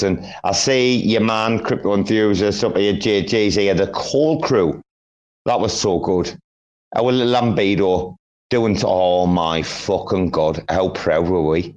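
A man's voice: lowish voice, a little mellow. A man in his forties, rambling and swearing freely in a casual group audio chat, with frequent restarts. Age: 40s.

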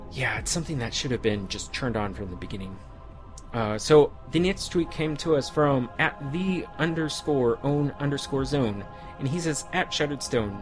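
A middle-aged man hosting a casual podcast, reading listener tweets aloud in a chatty, stumbling way with easy laughs. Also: medium pitch. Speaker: podcast host.

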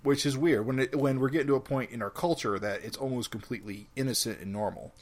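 A man co-hosting a comic book podcast, explaining his views in a measured, casual way. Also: medium pitch. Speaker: podcast co-host.

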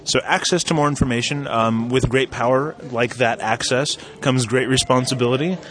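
A man's voice: mid-range voice, moderate pace, fairly bright tone. A man interviewing people casually, chatty and full of fillers and restarts.

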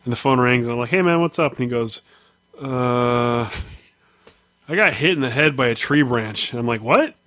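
A man's voice: medium pitch, moderate pace, a bit bright, dry recording. A man hosting a podcast in casual chat, reacting with laughter and disbelief. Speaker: podcast host.

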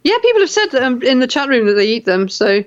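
A woman's voice: sits high, sing-song, fast talker. A woman from England co-hosting a casual radio chat, teasing and chatty. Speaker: radio show co-host. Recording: dull lo-fi sound.

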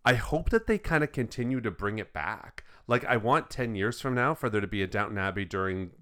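A man's voice: lowish voice, lively intonation, a little fast, fairly bright tone, clear, resonant tone. A young man co-hosting a casual film chat, an enthusiastic, rambling storyteller. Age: young adult. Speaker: podcast co-host.

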